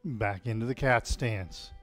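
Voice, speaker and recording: A man teaching a live-streamed tai chi class at home, calmly calling out movements and telling deadpan puns to an audience he can't hear. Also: on the low side, measured pace, no room sound, faint music behind. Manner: calm cueing of movements mixed with deadpan puns.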